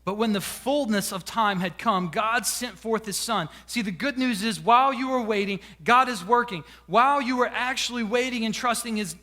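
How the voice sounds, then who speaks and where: A man preaching a sermon as pastor, conversational and playful, drawing out key words slowly for emphasis. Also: very high voice, bright, forceful tone. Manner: conversational preaching with dramatic slowdowns.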